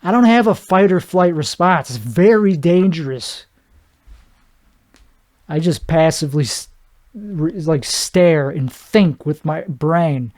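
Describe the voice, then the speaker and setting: A man's voice: fairly high pitch, animated, slow, a little mellow. A man hosting a solo podcast, rambling from one thought to the next in a joking, self-deprecating way. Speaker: podcast host.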